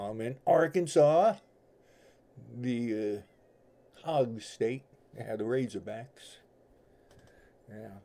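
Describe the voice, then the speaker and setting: There's slight background noise as a middle-aged tarot reader streams from home, his speech mixing New York and Southern US accents. He chats with viewers casually and folksily, rambling in a low-side, dark-toned voice.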